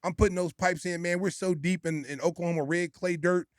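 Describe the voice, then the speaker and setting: A man hosting a podcast, telling a story in a casual, animated way with loud bursts. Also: high-pitched, a little fast, clean tone, dry recording, studio quality. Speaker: podcast host.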